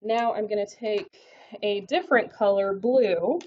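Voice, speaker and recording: Speaking a little slowly at a medium pitch, a woman teaches a classroom math lesson from her notes, talking as she writes. She often checks understanding with "okay?", and the recording sounds slightly dull and lo-fi.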